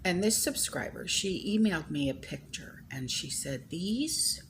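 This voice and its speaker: Slow, low-voiced rambling woman vlogger. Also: sing-song, slight background noise. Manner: rambling, full of "you know" and "okay?". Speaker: channel host. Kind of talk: casual chat to viewers.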